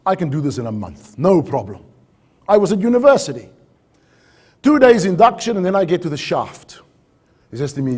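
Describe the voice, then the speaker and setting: Guy telling a story on stage, husky voice, pitch jumps all over. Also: brisk, pauses often. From South Africa. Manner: animated, acts out dialogue. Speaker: safety talk speaker. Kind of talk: storytelling keynote talk.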